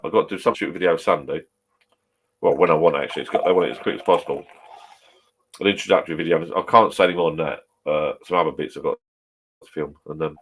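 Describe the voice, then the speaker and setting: A man in his fifties chatting casually in his home pub shed, rambling, swearing and chuckling a few beers in. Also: low voice. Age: 50s. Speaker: vlogger.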